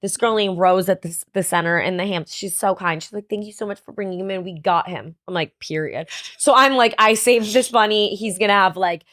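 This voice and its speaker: A young woman co-hosting a podcast, telling a story in animated casual chat, full of "like" and swearing. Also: mid-range voice, a little fast, dry recording, studio quality. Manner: animated storyteller, heavy "like" filler, frequent swearing. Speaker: podcast co-host.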